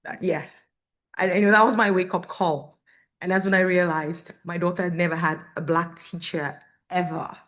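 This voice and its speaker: A woman's voice: on the low side, fairly even intonation, normal speed, a bit bright. A woman in her thirties, a parent speaking at a community forum, giving candid, earnest personal testimony to an audience. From Canada. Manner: earnest, candid, storytelling with quoted dialogue.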